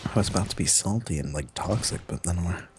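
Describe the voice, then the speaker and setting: Low-voiced man with deadpan dark jokes. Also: fast, noisy background. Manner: dark deadpan humor, teasing. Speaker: co-player. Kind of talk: casual gaming chat.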